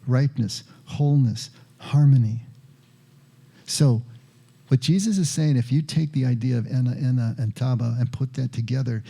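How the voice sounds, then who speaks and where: Male pastor giving a sermon: low gravelly timbre, slow measured phrasing, repeats key words for weight. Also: dark tone.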